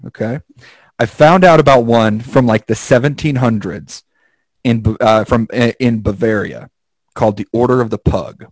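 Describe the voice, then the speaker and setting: A man's voice: mid-range voice, normal speed, no echo, poor audio. A man chatting casually on a podcast, telling stories with lots of swearing and acted-out quotes. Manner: animated storyteller, swears a lot, acts out quotes. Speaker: podcast co-host. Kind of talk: casual chat.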